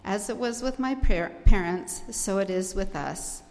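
A woman's voice: medium pitch, unhurried, a little mellow, big-room sound, faint music behind. A woman closing a church talk with an earnest, reverent testimony from the pulpit. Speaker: church speaker.

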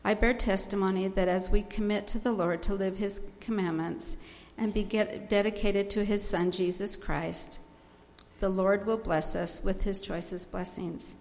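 A woman's voice: mid-range voice, steady tone, a little slow, darkish tone, big-room sound, a little hiss or hum. A woman closing a church talk with an earnest, reverent testimony from the pulpit. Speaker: church speaker.

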